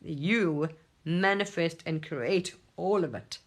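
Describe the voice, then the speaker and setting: A spiritual teacher talking casually to camera at home, animated, swearing and laughing often. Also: medium pitch, slow pace.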